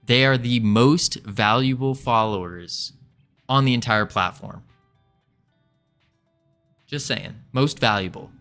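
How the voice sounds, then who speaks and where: A man's voice: mid-range voice, slow, long pauses, a bit bright, soft background music. A man chatting playfully on a livestream while building a game, joking with his viewers. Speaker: streamer and game developer. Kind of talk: casual livestream chat.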